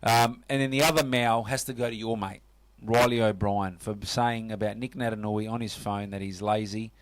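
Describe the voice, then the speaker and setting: A man's voice: fairly low pitch, steady tone, normal speed, no echo. A man with an Australian accent hosting a casual sports radio show, chatty and full of fillers. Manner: chatty, lots of fillers and "mate".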